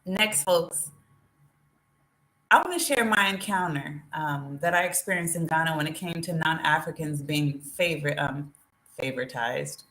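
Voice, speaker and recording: An animated woman chats straight to her live-stream viewers. Her voice sounds bright and forceful, and the room around her echoes. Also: low-pitched, measured pace. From United States. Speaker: vlogger. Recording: roomy echo.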